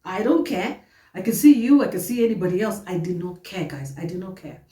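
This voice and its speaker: A woman telling her own life story to her viewers, animated, emphatic and often repeating herself. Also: mid-range voice, a little fast, far from the mic. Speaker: vlogger. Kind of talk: personal storytelling to camera. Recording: roomy echo, voice set back from the mic.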